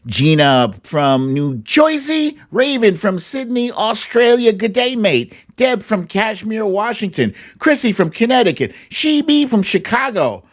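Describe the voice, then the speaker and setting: Lively male livestream host, sing-song. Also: high voice, a little slow, hardly any pauses. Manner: lively, sing-song, hums and playful asides. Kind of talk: reading a live chat roll call.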